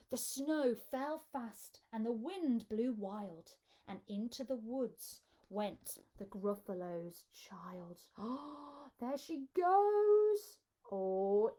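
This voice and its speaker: Her voice fairly high and husky, a children's entertainer reads a picture book aloud to a live storytime audience, full of expression and urging the children to join along.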